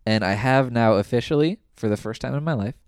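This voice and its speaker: A man co-hosting a podcast, chatting casually and giving opinionated takes with quick asides. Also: mid-range voice, a little mellow, clear, resonant tone, no echo, studio quality. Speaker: podcast co-host. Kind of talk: casual chat.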